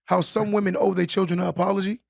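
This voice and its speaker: A man with a fairly high, heavily gravelly voice making earnest points in a casual podcast chat. He builds each argument with a questioning "right?" and sounds close and dry, with no room around him. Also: little pitch movement, fast, no echo. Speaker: podcast conversation partner.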